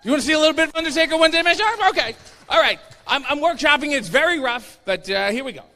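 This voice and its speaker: Male stand-up comic, sardonic, high and bouncy delivery, ringing hall reverb. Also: fast talker. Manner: animated, sardonic, self-mocking. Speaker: comedian. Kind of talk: stand-up comedy set. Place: convention stage before a live audience.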